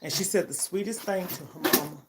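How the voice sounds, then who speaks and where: A woman's voice: lowish voice, a little fast, heavy background noise. An older woman talking to her vlog audience in a heartfelt, emphatic way, often checking in with her listeners. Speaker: vlogger. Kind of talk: casual personal vlog chat.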